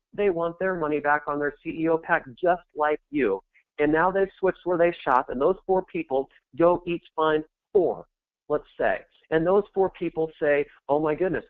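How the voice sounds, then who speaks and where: A middle-aged man pitching with pep-rally energy, his voice sitting a little high for a man. The sound is thin and phone-like, dry with no room around it. He builds the numbers up and pushes hard to convince. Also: dry recording. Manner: energetic, pep-talk delivery that climbs to shouting peaks. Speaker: network marketing presenter. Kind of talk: motivational sales presentation.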